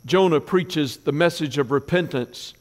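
A man preaching a sermon, mixing scripture with folksy personal stories and dropping his voice low for asides. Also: a little slow, big-room sound. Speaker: pastor.

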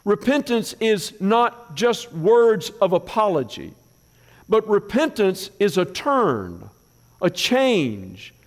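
A man preaches a sermon in a fairly high voice. He tells folksy personal stories and often drops low for asides. His voice rings with a long reverb, as in a church sanctuary. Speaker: pastor.

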